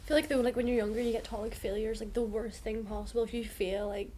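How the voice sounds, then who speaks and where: A woman's voice: on the high side, steady tone, fast talker, mellow, slight background noise. A young woman, a student hosting a podcast in a chatty, giggly way full of "like". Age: young adult. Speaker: podcast host, university student. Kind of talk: casual podcast chat.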